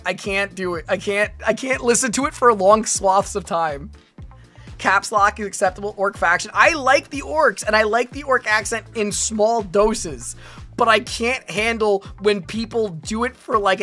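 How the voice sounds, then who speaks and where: A woman's voice: on the high side, pushed and bright. A woman streamer chatting casually, rambling and playful, with frequent stammering restarts. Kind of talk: casual livestream chat.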